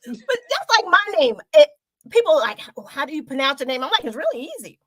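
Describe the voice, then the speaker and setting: A woman's voice: high-pitched, sing-song, brisk, no echo. A woman hosting a casual talk show interview, chatty and rambling.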